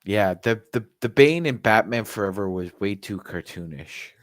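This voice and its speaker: A low-voiced man co-hosts a casual chat, talking about films with enthusiasm and analysis. His voice sounds dry and close, with no room echo. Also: lively intonation, moderate pace. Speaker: co-host.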